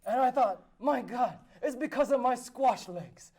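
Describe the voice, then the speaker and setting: Man cast as a pompous, high-voiced noble raconteur, grand and theatrical, improvised live. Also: animated, measured pace, darkish tone, exaggerated voice. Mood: boastful. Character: boastful male noble spinning absurd tall tales. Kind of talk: improvised tall-tale role-play. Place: live convention panel room.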